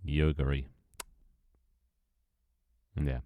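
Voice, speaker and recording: A young British man with a British accent hosts a casual live stream, reading out chat, joking with some swearing and laughing often. His very deep, warm voice is completely flat, and he draws out his words. No room sound is audible.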